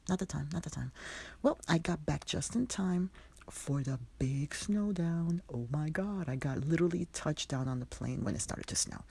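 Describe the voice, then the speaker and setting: A woman's voice: a bass voice, darkish tone. A middle-aged woman hosting a solo podcast in casual, heartfelt talk, often dropping to a whisper. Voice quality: husky, gravelly. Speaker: podcast host.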